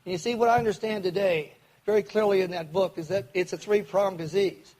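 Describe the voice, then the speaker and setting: A man's voice: high-pitched, fairly even intonation, darkish tone, poor audio. An older man from Kentucky, telling his recovery story to a meeting audience in an earnest way. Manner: earnest, acts out quoted voices, speeds up and slows down.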